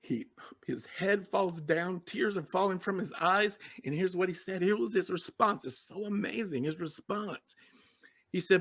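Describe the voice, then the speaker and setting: A man's voice: high voice, a little slow, fairly bright tone. A middle-aged man telling a personal story as a podcast guest, earnest and emotional, often repeating words for emphasis. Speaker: guest, success coach.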